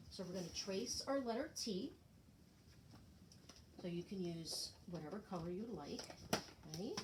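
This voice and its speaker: A woman's voice: medium pitch, a little mellow, slight background noise. A woman teaching preschool children the alphabet, chanting letter sounds in a sing-song voice and asking them questions.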